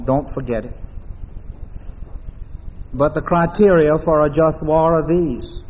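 High-voiced American preacher in echoing church. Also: male voice, darkish tone, a little hiss or hum. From United States. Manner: measured, solemn oratory with deliberate pauses. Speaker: pastor. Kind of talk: sermon. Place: large church sanctuary. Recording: long reverb of a large church hall.

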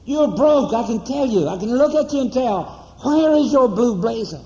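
A man preacher voicing an irritated, scornful father scolding his returning son, gruff and sarcastic, in a dull recording with a long hall echo. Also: very high voice, warm tone, slight background noise.

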